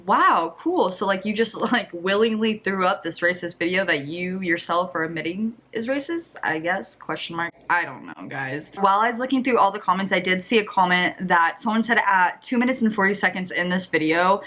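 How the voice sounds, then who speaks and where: A woman's voice: lowish voice, fairly quick, few pauses, bright, forceful tone, a little hiss or hum. A young woman giving casual commentary on a YouTube channel, with skeptical, exasperated asides.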